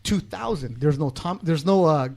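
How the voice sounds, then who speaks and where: A man tells long stories on a casual podcast, slipping in and out of the voices of the people he quotes. His voice sits high for a man. He swears freely and keeps the story rolling. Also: lively intonation, moderate pace, gravelly, a little mellow. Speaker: guest sports broadcaster.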